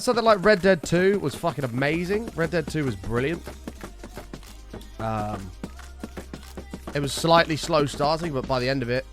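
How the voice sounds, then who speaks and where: A man's voice: mid-range voice, a bit bright. A British man chatting live to his stream viewers, ranting heatedly and swearing often. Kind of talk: casual live-stream chat.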